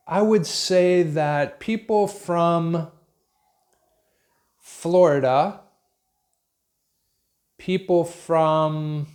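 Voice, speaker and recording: A man with an American accent, from Pennsylvania, giving an unscripted English lesson in a slow, thoughtful way with many pauses and restarts. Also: a little high, a little mellow. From Pennsylvania, USA. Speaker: English teacher.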